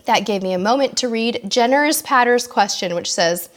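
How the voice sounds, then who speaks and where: On the high side and animated, her voice moves at a moderate pace as she hosts a relaxed live cruise Q&A. She takes viewers' questions one by one, reading them aloud and replying warmly and chattily.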